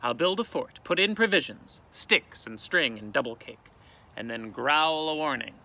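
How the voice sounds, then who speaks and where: A man's voice: on the high side, lively intonation, normal speed, gravelly, sharp tone, heavily acted, poor audio. A man voicing a clever little boy. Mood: determined. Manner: eager, planning aloud. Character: small brave clever boy.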